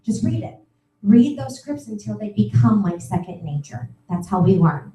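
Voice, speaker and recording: A middle-aged woman giving an upbeat, energetic sales training talk. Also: medium pitch, moderate pace. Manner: upbeat, energetic, peppy coaching. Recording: echoey room, voice from far off the mic.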